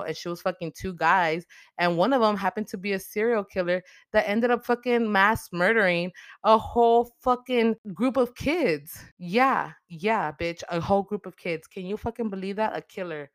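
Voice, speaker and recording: A woman's voice: mid-range voice, clear, resonant tone, no echo. A young woman giving a casual, profanity-heavy movie recap, acting out the characters' lines. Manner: animated, heavy swearing, acts out characters' lines. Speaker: podcast host recapping a movie.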